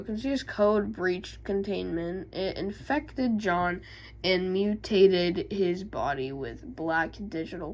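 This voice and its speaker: A woman YouTuber reading game lore aloud with casual asides, halting and stumbling over words. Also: fairly low pitch, dull audio.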